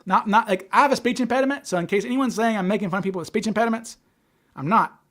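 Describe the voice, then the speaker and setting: A man's voice: high-pitched, racing, fairly bright tone. Stammering man hosting a livestream. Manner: stutters, with frequent repeated words and restarts. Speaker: livestream host. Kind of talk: casual livestream chat.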